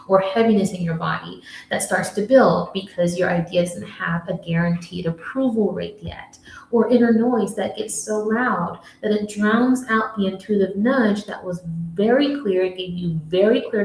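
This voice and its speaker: An American woman and spiritual coach giving an earnest motivational talk, telling a story and dropping to soft hushed asides. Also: lowish voice, roomy sound, a little hiss or hum, low-quality recording. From United States.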